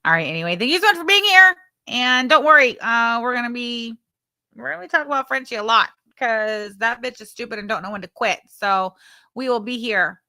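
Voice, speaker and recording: A woman's voice: a little high, lively intonation, fairly quick, pushed and bright, no room sound, studio quality. A woman hosting a livestream, bluntly chatting, swearing and thanking viewers for super chats. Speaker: livestream host. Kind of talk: casual livestream commentary.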